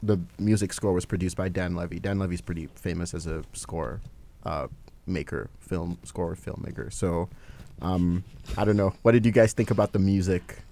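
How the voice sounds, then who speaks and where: A man's voice: sits low, steady tone, normal speed, mellow. A man hosting a casual podcast film review, rambling with fillers and laughing often. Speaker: podcast host.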